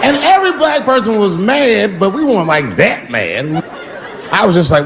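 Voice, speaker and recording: A middle-aged man performs stand-up comedy in a large theater before a live audience, his voice high-pitched and very animated at a normal speed. He's brash and profane, drawing out his punchlines and slipping into playful voice shifts. Crowd laughter and room noise fill the background of the recording.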